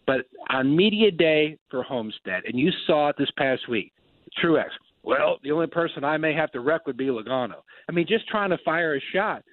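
A man hosting casual racing talk, telling stories with lively quoted voices. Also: on the high side, moderate pace, no echo. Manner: animated storyteller, acts out quotes. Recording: dry tinny phone-like sound.

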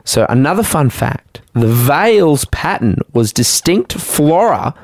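A man's voice: a little high, sing-song, slow, a little mellow, no room sound. A man hosting breakfast radio, joking and rambling through gossip. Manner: joking, rambling, laughs a lot. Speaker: radio host.

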